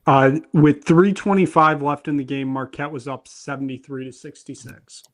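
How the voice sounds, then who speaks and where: Young guy hosting a sports betting chat, kinda highish voice, stumbles over words a lot. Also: steady tone, moderate pace. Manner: chatty, stumbles over his words and laughs easily. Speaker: host.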